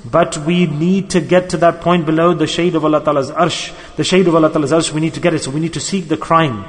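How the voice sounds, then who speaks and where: Man, preacher, high-pitched, emotive storytelling, repeats key words, long hall reverb. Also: fairly even intonation, fast talker. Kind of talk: sermon.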